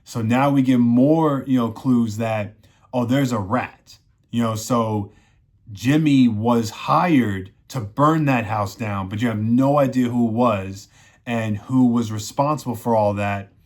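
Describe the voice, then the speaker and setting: A man's voice: mid-range voice, a little slow. A man casually recapping a TV season in a rambling way, full of "you know" fillers. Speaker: show reviewer.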